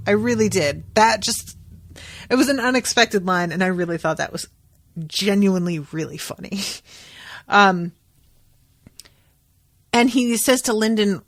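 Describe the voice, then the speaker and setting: A woman's voice: medium pitch, animated, measured pace, long pauses, no room sound, clean studio sound. A woman hosting a podcast, recapping book chapters in a chatty way, with lots of "like" and "um" and some casual swearing. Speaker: podcast host.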